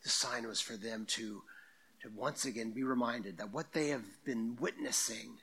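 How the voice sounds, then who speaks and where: Guy preaching in church, bright punchy voice, chatty asides to the congregation. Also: medium pitch, normal speed, creaky, breathy edge. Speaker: pastor. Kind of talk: sermon.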